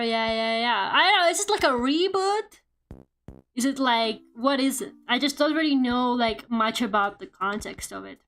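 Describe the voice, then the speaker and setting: A woman's voice: high voice, fairly bright tone. A woman streamer chatting casually while she draws, rambling, swearing and laughing, with "like" in nearly every sentence. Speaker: VTuber streamer.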